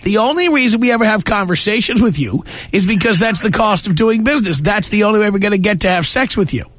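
A man's voice: sits high, expressive, fast, a bit bright, no echo. A man hosting a call-in radio show, talking bluntly and condescendingly to a caller. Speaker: radio talk show host.

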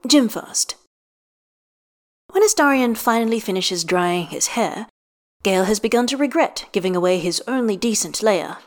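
A woman narrating a story in a measured, even reading. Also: medium pitch. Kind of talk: scripted narration.

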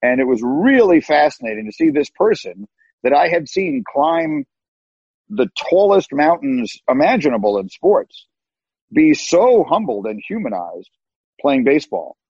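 A man with a husky, slightly raised voice tells stories as a podcast guest. He is emphatic and often repeats his first words. His voice comes through a dry, dull, lo-fi remote line. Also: on the high side, huge pitch swings, measured pace, darkish tone, no echo. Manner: emphatic, repeats words when starting sentences. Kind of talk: animated storytelling.

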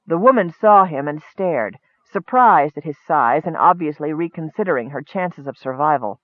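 A man reading a fantasy story aloud in a steady, measured way. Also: a little high, no room sound. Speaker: audiobook narrator. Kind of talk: scripted fantasy narration. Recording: dry tinny phone-like audio.

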